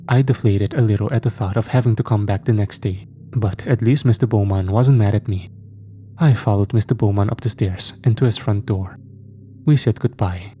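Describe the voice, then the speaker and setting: A man reading a scripted horror story in a steady, measured way. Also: fairly low pitch, a little hiss or hum.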